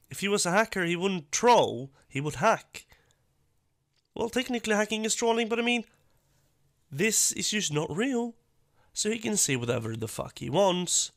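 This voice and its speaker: Man, YouTube reaction commentator, blunt, cursing, fairly high voice, dry close sound. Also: dry recording. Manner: blunt, profane, animated.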